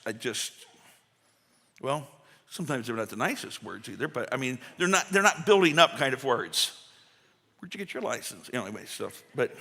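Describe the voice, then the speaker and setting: Folksy pastor in a reverberant church. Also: male voice, mid-range voice, bright, forceful tone. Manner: folksy, storytelling, many asides and restarts. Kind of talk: conversational sermon. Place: church sanctuary. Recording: long church hall reverb.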